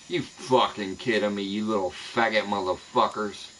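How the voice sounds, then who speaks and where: A man's voice: fairly low pitch, steady tone, moderate pace, a bit bright, slight background noise, rough recording. A man streaming live from home, ranting angrily and swearing heavily at people he says spread lies about him. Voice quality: profane, heated ranting. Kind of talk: angry live-stream rant. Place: home in the American Midwest.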